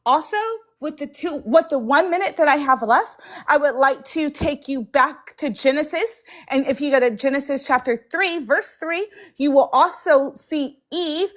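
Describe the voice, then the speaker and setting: A woman debater arguing her case in a measured, deliberate way. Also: high voice, fairly bright tone. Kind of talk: formal debate argument.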